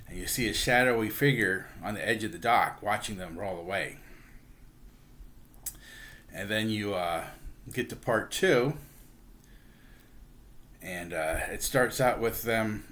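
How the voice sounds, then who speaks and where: A man's voice: fairly low pitch, a bit bright. A man casually retelling a comic book story, acting out the characters' lines with a chuckle here and there. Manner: chatty, acts out characters with lots of "he's like"; chuckles while telling. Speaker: book reviewer.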